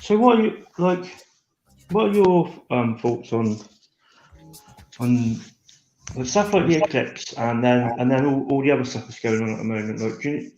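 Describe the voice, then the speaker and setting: A man chatting casually, telling stories in a rambling, animated way with lots of restarts. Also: mid-range voice, normal speed, soft background music. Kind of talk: casual chat. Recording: dull lo-fi echoey room.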